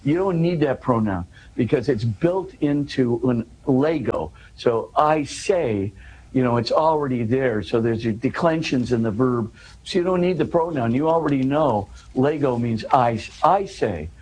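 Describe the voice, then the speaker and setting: A man's voice: medium pitch, animated, a little slow, a little mellow, slight background noise, low-quality recording. A man in an interview, earnestly explaining a scripture passage, often restarting and pushing his voice up for emphasis.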